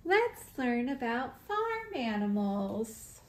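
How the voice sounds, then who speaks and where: A woman teaching first words to toddlers, repeating single words slowly and clearly. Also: a little high, big pitch swings. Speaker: preschool teacher.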